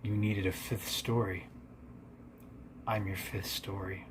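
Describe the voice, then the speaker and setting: Man voicing a calm horned forest creature, knowing, low-pitched. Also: slow pace, background noise. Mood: sly menace. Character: sly horned male forest creature, menacing.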